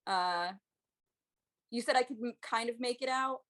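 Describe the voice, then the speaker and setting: A woman's voice: fairly high pitch, a little slow, fairly bright tone. Woman at a tabletop game, rambly and giggly, lots of um and like. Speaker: player. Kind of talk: casual tabletop game play.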